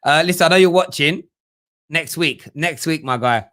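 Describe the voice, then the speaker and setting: A young man runs a relaxed football fan live stream, his voice pitched slightly high. He chats and jokes as he reads out viewers' comments. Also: normal speed. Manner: chatty, joking, reads viewer comments aloud. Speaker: fan channel host.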